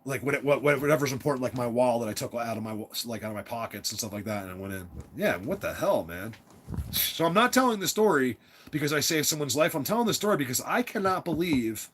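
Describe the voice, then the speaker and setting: A man's voice: medium pitch, expressive, brisk, fairly bright tone, breathy edge. A father telling a personal story in a rambling, casual monologue, emphatic, often repeating words and restarting.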